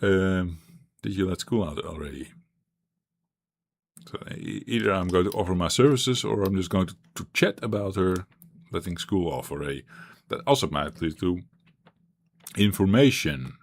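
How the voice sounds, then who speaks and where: A man's voice: sits low, expressive, moderate pace, long pauses, slight background noise. A man streaming a retro game, thinking aloud and rambling with frequent restarts. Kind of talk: live-stream gameplay chat.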